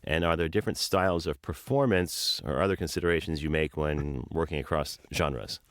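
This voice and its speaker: A man hosting a podcast, also an audiobook narrator, telling stories in an animated, self-mocking way. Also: rumbling low, fairly quick, no room sound, studio quality. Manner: animated storyteller, laughs at himself. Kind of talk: casual interview chat.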